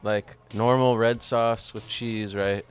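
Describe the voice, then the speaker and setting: A man hosting a live-streamed talk show, chatting casually in a relaxed, rambling way with occasional chuckles. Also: on the low side, slow pace, smooth, faint music behind. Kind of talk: casual chat.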